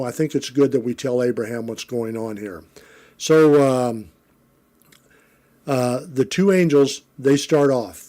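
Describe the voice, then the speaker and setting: Mellow-voiced man teaching a Bible lesson. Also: medium pitch. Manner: relaxed, conversational, frequent fillers and self-corrections. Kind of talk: Bible lesson, reading and explaining scripture.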